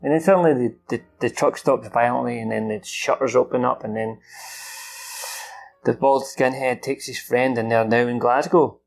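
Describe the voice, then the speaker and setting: A man's voice: medium pitch, steady tone, normal speed, gravelly, faint music behind. A man recapping a film's plot off the cuff, swearing often and acting out the characters' lines. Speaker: film reviewer.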